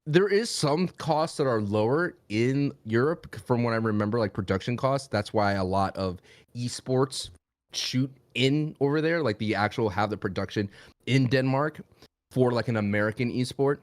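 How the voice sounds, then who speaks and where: A man's voice: mid-range voice, moderate pace, dry recording. A man co-hosting a podcast in casual chat, wry and teasing, often asking questions. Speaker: podcast co-host.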